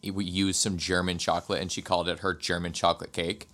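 A man's voice: sits low, level tone, quick pace, fairly bright tone. A man co-hosting a podcast, chatting in a laid-back, joking manner. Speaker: podcast co-host. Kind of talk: casual chat.

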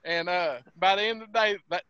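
A man, telling a hunting story as a podcast guest on a call from his truck, animated and drawling. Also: sits high, a little fast, smooth, dry recording. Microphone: phone or laptop call over weak internet. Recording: dull lo-fi internet call audio.

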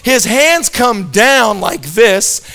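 A man with a notably high voice telling a comic story to a listening crowd. He is animated and tends to double up the first word of a sentence as he gets going. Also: very slow, soft background music. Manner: animated, repeats words when starting sentences.

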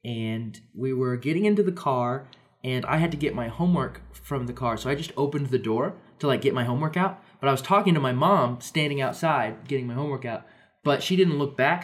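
A man's voice: medium pitch, brisk. A young man casually telling a funny story on a podcast, laughing often and acting out voices. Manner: laughs often, acts out voices in his stories. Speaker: podcast co-host.

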